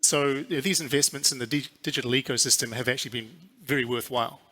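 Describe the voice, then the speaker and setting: A man with a New Zealand accent answers interview questions in a measured, businesslike way, often pausing on fillers. His voice is bright and clear, pitched in a middle range. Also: fairly even intonation. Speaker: airline CEO. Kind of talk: conference interview.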